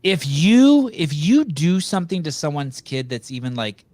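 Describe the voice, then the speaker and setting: A man's voice: on the high side, sing-song, moderate pace, a little mellow, no echo. A man hosting a podcast, talking over a video call in a blunt, profane, rambling way. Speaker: podcast host. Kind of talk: casual interview chat.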